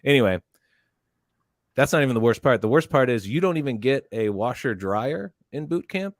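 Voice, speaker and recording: A man on a podcast, telling a story in a casual, animated way, close to a studio mic. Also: medium pitch, normal speed, no echo. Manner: animated, barks quoted drill lines. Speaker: podcast panelist.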